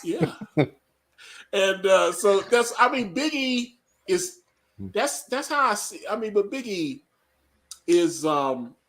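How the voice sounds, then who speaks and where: A man's voice: high voice, very animated, slow pace, pauses often, fairly bright tone. A man co-hosting a casual live reaction chat, rambling and joking with frequent laughs. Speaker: podcast co-host.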